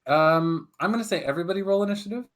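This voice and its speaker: A man's voice: high voice, fairly bright tone. Rambling, hesitant male game master. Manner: halting, many fillers. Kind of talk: narrating a tabletop game.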